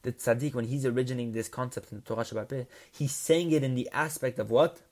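A man leads a text study lesson at a middle pitch. He reads Hebrew passages quickly, then explains them in English. He often restarts his phrases as he goes. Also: fairly even intonation, a little mellow. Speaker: Torah teacher.

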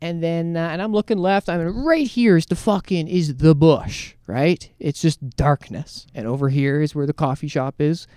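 A man co-hosting a podcast, telling a crude story in casual chat with an animated, profane delivery. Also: on the high side, moderate pace, hardly any pauses, smooth, dry recording, clean studio sound. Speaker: podcast co-host.

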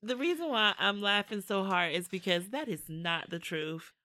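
A middle-aged woman in easy podcast chat, given to teasing and quick laughter. Her voice sits at an ordinary pitch for a woman, recorded close and dry with no room sound at all. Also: lively intonation, bright, forceful tone, no room sound. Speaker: podcast co-host, mother. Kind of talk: casual family podcast chat.

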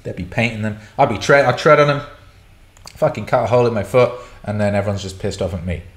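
A middle-aged man with a lowish voice talks fast while hosting a casual livestream Q&A from an indoor room. The recording has a roomy echo, and he's blunt and sweary as he rants and answers chat questions.

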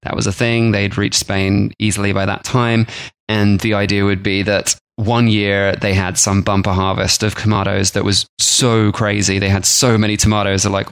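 A man's voice: fairly low pitch, little pitch movement, moderate pace, fairly bright tone, smooth, no room sound. A man co-hosting a food podcast, chatting casually and jokily, often slipping into silly voices for imagined people. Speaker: podcast co-host.

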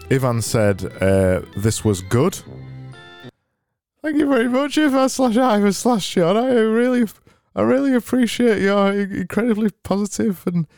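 A man putting on a high, sing-song, over-cheery voice of a forced happy man, with faint music behind. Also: a little mellow.

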